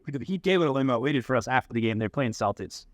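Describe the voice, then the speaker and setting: A man in a cigar bar rattles off a story at a quick clip, slipping into the voices of the people in it. His pitch sits in the middle range. The sound is close and dry. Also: dry recording. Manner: animated, acts out quoted voices. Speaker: podcast co-host. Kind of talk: casual storytelling.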